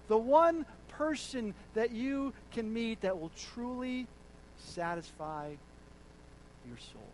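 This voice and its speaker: A man with a fairly high voice preaches in an unhurried, deliberate way. He sinks to quiet, intimate phrases and then climbs into loud, emphatic declarations. A faint rumble hums in the background. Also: expressive, low-quality recording. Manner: swings from hushed lows to loud, emphatic declarations. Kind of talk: sermon.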